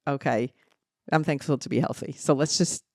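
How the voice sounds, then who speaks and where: A woman's voice: rumbling low, normal speed, no echo, clean studio sound. A middle-aged woman with a New Jersey accent, chatting emphatically as a podcast co-host. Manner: animated, emphatic, talks over others. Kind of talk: casual chat.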